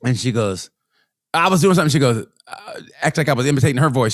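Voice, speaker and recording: A man's voice: mid-range voice, big pitch swings, fast talker. A man co-hosting a comedy podcast, swearing freely, laughing often and acting out other people's lines. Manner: profane, laughing, acts out quoted voices. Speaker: podcast co-host. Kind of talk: crude comedic banter.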